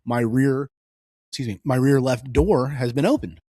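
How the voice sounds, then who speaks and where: A man's voice: mid-range voice, moderate pace, slightly rough, no room sound, clean studio sound. A man in his thirties co-hosting a casual political podcast, telling stories with lots of energy and acting out the dialogue. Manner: animated storytelling, acts out dialogue. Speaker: podcast co-host.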